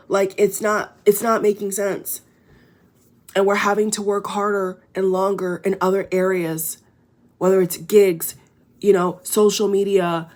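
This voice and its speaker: A woman's voice: mid-range voice, darkish tone. A woman talking straight to her viewers in a casual spiritual vlog, earnest and emphatic, with filler words and swearing. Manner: earnest and emphatic, addresses viewers as guys, frequent you know and swearing. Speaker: spiritual vlogger. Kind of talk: casual direct-to-camera monologue.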